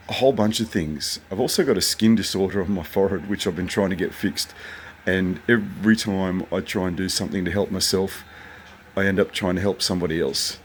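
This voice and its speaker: An older man with a very deep voice talks in a loose, anecdotal ramble, now and then dropping a swear word. He records alone in a motel room at night, with a faint hiss underneath. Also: poor audio. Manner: chatty, anecdotal, occasionally profane. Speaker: vlogger. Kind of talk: casual rambling monologue.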